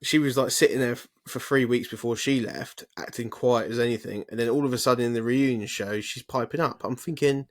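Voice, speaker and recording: A man's voice: mid-range voice, fairly quick, hardly any pauses. A man co-hosting a podcast in casual chat, swearing freely and ranting off on tangents. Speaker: podcast co-host.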